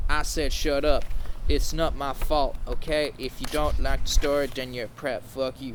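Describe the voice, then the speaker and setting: A man's voice: medium pitch, little pitch movement, measured pace, fairly bright tone, slight background noise. A man, a podcast host, reading a fanfic aloud for comedy, with stumbles and mock-dramatic outbursts.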